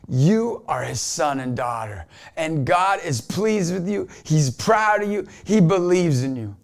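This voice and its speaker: A man's voice: a little high, lively intonation, measured pace, gravelly. A man in his forties, a Christian motivational speaker, giving an emphatic inspirational talk to camera in a conversational way. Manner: emphatic, repeats a catchphrase, conversational.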